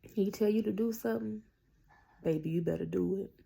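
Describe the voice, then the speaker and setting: A woman's voice: mid-range voice, brisk, gravelly, mellow, husky. A woman in a casual, earnest faith talk to camera, preaching to her viewers with lots of fillers. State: tearful at times. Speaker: Christian vlogger.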